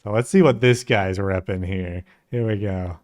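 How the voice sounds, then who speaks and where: A man's voice: deep voice, normal speed, darkish tone. Chatty, jokey man co-hosting. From United States. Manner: chatty, jokey, laughs often. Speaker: reaction channel co-host. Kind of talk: casual reaction chat.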